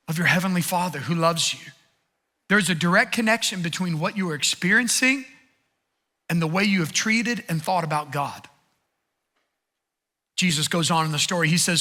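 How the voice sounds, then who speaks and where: A man's voice: sits high, pushed and bright. A man pastor giving an earnest, conversational sermon with repeated phrases.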